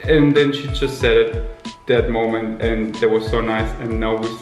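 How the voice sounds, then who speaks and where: A young man vlogging casually to a handheld camera in a room, rambling and excitable with big jumps in his voice. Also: lowish voice, normal speed. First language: German. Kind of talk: casual vlog talk to camera. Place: indoor room with a window. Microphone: handheld camera at arm's length. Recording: echoey room with faint music.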